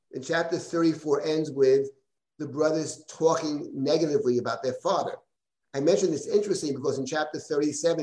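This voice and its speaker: A man's voice: medium pitch, darkish tone. A man teaching a live Bible class as a rabbi, thinking aloud and often checking in with "right?". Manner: thoughtful, frequent "right?" and restarts. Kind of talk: live class lecture with questions. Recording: roomy echo.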